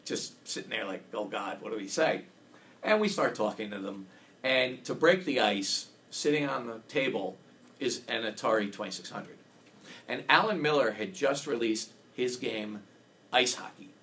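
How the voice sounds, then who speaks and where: A man's voice: mid-range voice, moderate pace, fairly bright tone. Enthusiastic man recounting a story. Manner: enthusiastic storyteller, acts out quotes. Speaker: game designer, interview guest. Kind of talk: casual storytelling interview.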